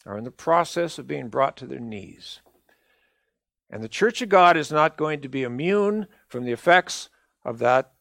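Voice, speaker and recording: An older male minister delivers a sermon in an earnest, measured and emphatic way, pressing each point home. His voice sits fairly high for a man. The recording is dry and close, with almost no room sound. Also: gravelly, a bit bright, dry recording.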